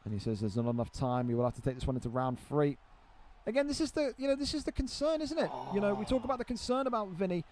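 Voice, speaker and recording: Excitable man commentating a game fight. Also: high voice, fast, slight background noise. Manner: excitable, swears freely, banters with friends. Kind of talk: live play-by-play game commentary.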